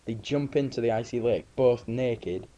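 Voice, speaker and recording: A man's voice: mid-range voice, normal speed, mellow, muffled recording. A man chatting casually about films, rambling through anecdotes.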